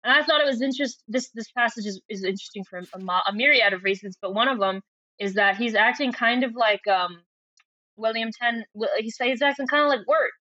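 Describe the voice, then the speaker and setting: A woman podcast co-host in easy book-club chat, with a bright, slightly high voice. She laughs often between thoughts. Her audio is muffled and dry, like an old lo-fi remote line. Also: brisk, no echo. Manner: chatty, laughing, reads passages aloud. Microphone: remote call microphone.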